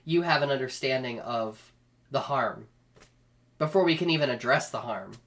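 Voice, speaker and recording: A woman's voice: extremely low pitch, normal speed. A woman co-hosting a comedic chat show, thoughtful, with easy laughter and a habit of saying "girl.". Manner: thoughtful, calls people "girl," laughs easily. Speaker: podcast co-host.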